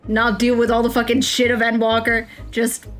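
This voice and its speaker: Female game streamer, excitable, swears freely, laughs often, pitched a bit high, faint background music. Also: moderate pace. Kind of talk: casual game stream commentary and reading game text aloud.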